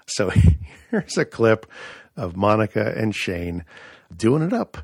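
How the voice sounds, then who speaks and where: A man's voice: fairly low pitch, very animated, takes it slowly, creaky, slightly rough, dry recording, studio quality. A man hosting a comedy podcast, reading listener messages and introducing clips with many fillers. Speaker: podcast host. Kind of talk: casual show segment.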